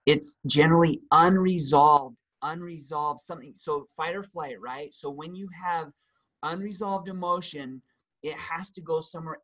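A man talking as a guest health practitioner in a casual discussion, animated, breaking into loud acted outbursts and dropping into hushed asides. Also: on the high side, low-quality recording. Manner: animated, acts out angry outbursts and quotes.

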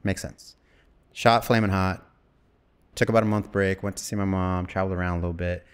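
A man's voice: low-pitched, quick pace, clean tone. A man in his forties from Wyoming, an actor telling stories in a casual interview, rambling and acting out bits of dialogue. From Wyoming, USA. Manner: rambling, animated, acts out quoted dialogue. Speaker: actor guest.

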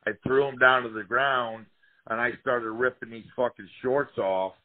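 Profane storyteller over a tinny line. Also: male voice, medium pitch, normal speed. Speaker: former fighter telling career stories. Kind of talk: casual storytelling interview.

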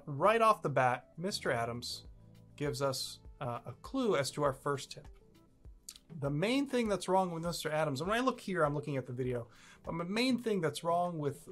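A man hosting a legal advice video, explaining a clip with candid, self-aware asides. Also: fairly high pitch. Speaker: immigration lawyer, host.

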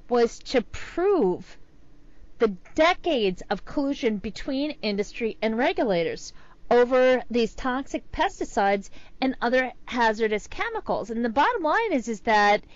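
A woman's voice: a little high, no echo. A woman hosting an interview, talking earnestly and repeating phrases for emphasis. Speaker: host. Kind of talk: interview commentary. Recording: muffled dry remote line.

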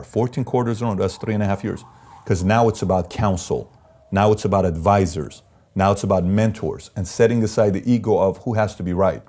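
A deep, mellow-voiced man, a company CEO, is the guest in a sit-down interview. He tells business stories intensely and emphatically, voicing the characters he quotes.

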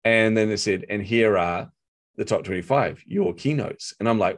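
A middle-aged man with a New Zealand accent, an interview guest telling animated stories and acting out quotes. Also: lowish voice, normal speed. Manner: animated storyteller, acts out quotes. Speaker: guest, marketing coach. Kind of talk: storytelling interview chat.

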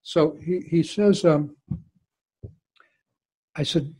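Older Southern man, husky storytelling voice. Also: on the high side, slow pace, pauses often, a little mellow. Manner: anecdotal, emphatic, digressive storyteller. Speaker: guest speaker, former diplomat. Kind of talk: storytelling talk with audience Q&A.

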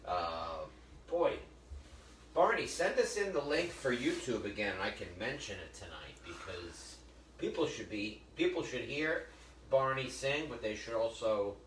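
Animated chatty man telling stories. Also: mid-range voice, measured pace, a little hiss or hum. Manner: chatty, jokey, animated storyteller. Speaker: host of a live cooking show. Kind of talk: casual storytelling chat. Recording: echoey room, mic at a distance.

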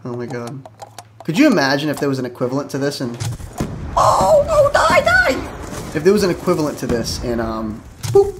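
Man, gameplay commentary, lively voice, excitable, swears, noisy game audio underneath. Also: medium pitch, fast talker. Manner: excitable, swears, yelps at sudden action. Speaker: gaming YouTuber. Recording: game noise behind voice.

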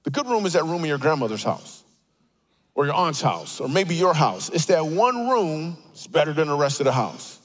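A man's voice: on the high side, moderate pace. Man delivering a comedic sermon. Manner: animated storytelling with playful asides. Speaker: guest speaker. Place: church auditorium.

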